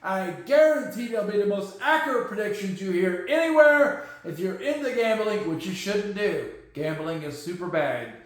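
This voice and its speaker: Man, high voice, jokey sports podcast host, very roomy echo, goofy delivery. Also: expressive, moderate pace, few pauses. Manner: jokey and goofy, with shouted catchphrases. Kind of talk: casual solo sports podcast. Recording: very echoey room.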